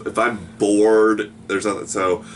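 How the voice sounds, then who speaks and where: A man's voice: lowish voice, little pitch movement, a little slow, soft background music. A man co-hosting a casual chat, easygoing and filling his talk with "like". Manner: easygoing, many fillers, laughs along. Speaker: co-host.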